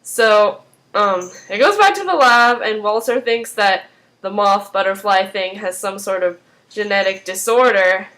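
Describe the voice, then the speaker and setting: A woman's voice: mid-range voice, a little slow, a bit bright. A woman casually recapping a TV episode, rambling along with lots of "like" and "um" and a few apologetic asides. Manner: rambling, heavy use of "like" and "um".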